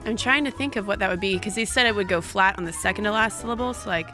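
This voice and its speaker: Over music, a woman co-hosting a podcast reads listener emails aloud, chatting in an easygoing way and laughing easily. Her voice is mid-range and she talks fast.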